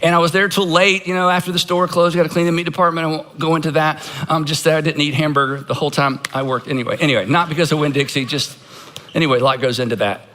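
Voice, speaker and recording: A man's voice: a little high, fairly even intonation, fast talker, bright, forceful tone, a little hiss or hum. A man from Georgia, a pastor giving a conversational sermon, earnest with self-deprecating asides. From Georgia, United States.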